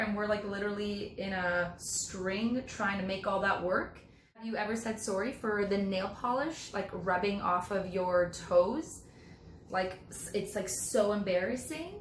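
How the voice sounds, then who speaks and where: A woman's voice: mid-range voice, a bit bright, reverberant, a little hiss or hum. A young woman hosting a casual pep talk, speaking frankly with lots of "like" and "um". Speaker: host of a weekly pep talk. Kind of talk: casual motivational vlog talk. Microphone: camera framing her.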